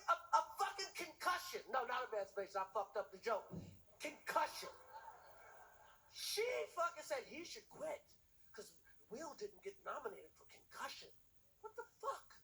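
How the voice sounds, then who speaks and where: A man's voice: extremely high pitch, pushed and bright, poor audio. A man doing a stand-up comedy routine, ranting emphatically and profanely, hammering his punchlines with repetition.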